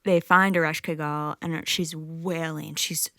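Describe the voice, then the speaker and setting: A woman's voice: deep voice, steady tone, a little slow, a bit bright, no echo, clean studio sound. A woman singer-songwriter casually retelling a myth between songs, with plenty of fillers. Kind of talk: spoken storytelling between songs. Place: music session recording on a campus.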